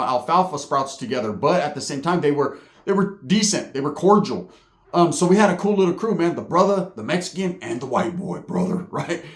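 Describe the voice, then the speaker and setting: This storyteller from California describes life in prison in a fairly high-pitched voice, his words echoing around the room. The story is told in loose street slang, thick with swearing and "right?" asides.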